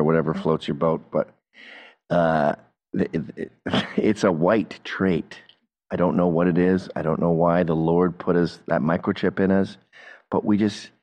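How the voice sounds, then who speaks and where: A man hosting a reaction commentary, talking in an animated, mocking, opinionated way. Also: low-pitched. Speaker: commentator host.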